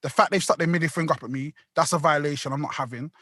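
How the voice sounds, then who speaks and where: A man with a high, bright voice, rambling through a story full of slang and swearing. The sound is close and dry. It is casual podcast storytelling. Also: rapid-fire, no echo. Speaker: podcast co-host.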